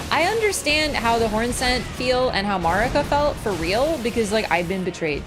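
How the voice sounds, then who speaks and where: A woman's voice: on the high side, lively intonation, moderate pace, few pauses. A woman streamer chatting casually and ranting as she plays, swearing freely. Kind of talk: casual gameplay commentary. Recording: game music playing under the voice.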